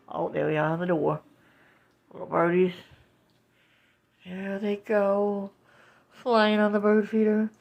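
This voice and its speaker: An animated woman films out of a window at home and chats to her viewers, cooing and exclaiming as she goes. Her voice sits mid-range with a casual, homey delivery picked up on a phone camera. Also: mid-range voice, slow, gravelly, long pauses, lo-fi sound. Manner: animated, coos and exclaims, talks to viewers as "guys". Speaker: vlogger. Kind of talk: casual home video narration.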